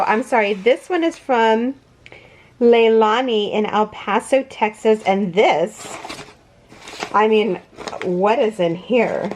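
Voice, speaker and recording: A woman's voice: mid-range voice, a little mellow, a little hiss or hum. A woman in her thirties hosting a casual unboxing vlog, gushing with emotional thanks and often breaking off to restart her sentences. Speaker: crochet channel host.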